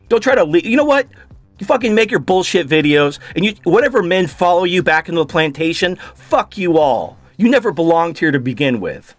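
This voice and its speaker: A man's voice: high-pitched, big pitch swings, brisk, no room sound, faint music behind. A man hosting a video, delivering an angry, profane rant of commentary in furious bursts. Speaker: video host reacting to a clip.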